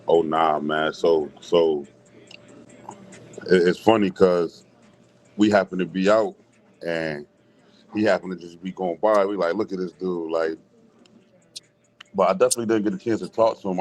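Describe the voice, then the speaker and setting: A man with a lowish voice talks through a fight story in relaxed street slang. He laughs easily and speaks without hurry. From Hartford, Connecticut. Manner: laid-back street slang, quick laughs. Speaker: guest boxer. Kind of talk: casual chat.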